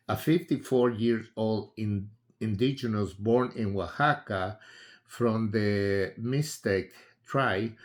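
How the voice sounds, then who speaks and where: Slow-talking man. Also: fairly low pitch, darkish tone. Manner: unhurried, halting, with frequent fillers and restarts. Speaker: political commentator. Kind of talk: casual spoken commentary.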